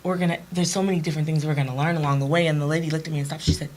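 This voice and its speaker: Outgoing young woman guest, low voice, lively storyteller, faint room noise. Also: very fast. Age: young adult. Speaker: guest, catering business co-owner. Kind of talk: interview storytelling.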